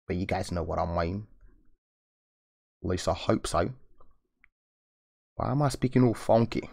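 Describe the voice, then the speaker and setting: A man's voice: low voice, measured pace, gravelly, long pauses, a little mellow. A young man hosting a live drawing stream, chatting casually and slangily to his viewers and laughing often. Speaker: art channel host.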